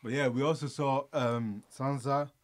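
A young man co-hosting a reaction video, arguing his points in animated, slangy casual chat. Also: medium pitch, normal speed.

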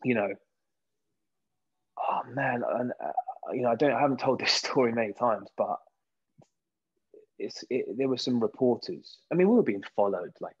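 British guy in his 30s, husky, telling stories on a podcast, dull dry recording. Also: mid-range voice, moderate pace, long pauses. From Britain. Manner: lively storyteller who acts out quoted voices. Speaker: guest actor. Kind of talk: casual interview chat.

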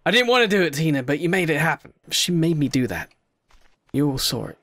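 Speaking briskly in a voice on the high side, a man narrates a let's-play in a chatty, joking way, chatting with in-game creatures and lurching between quiet worry and loud excitement.

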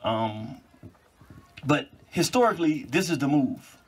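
A man with a slightly high, husky voice speaks to a live audience. He lectures in an animated way, telling stories and dropping mocking asides. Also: a little slow. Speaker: public speaker. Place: cultural venue before a live audience.

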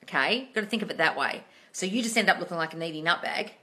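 Woman, live-stream coach, blunt, profane, scolding, sharp forceful voice, lowish pitch. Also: lively intonation, fast talker. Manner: sarcastic mimicry of viewers. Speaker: manifesting coach. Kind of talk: live-stream question and answer.

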